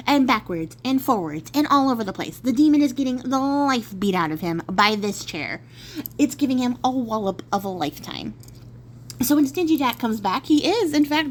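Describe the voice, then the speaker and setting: A woman's voice: on the high side, a little hiss or hum. A woman telling a folk tale in a casual, chatty way, with playful asides. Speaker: storyteller. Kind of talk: casual spoken storytelling.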